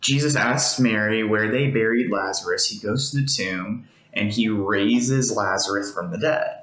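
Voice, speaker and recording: A man's voice: lowish voice, a little slow, fairly bright tone. A man giving a devotional as a pastor, speaking in an earnest, conversational way and explaining with everyday examples. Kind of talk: devotional teaching. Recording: roomy echo.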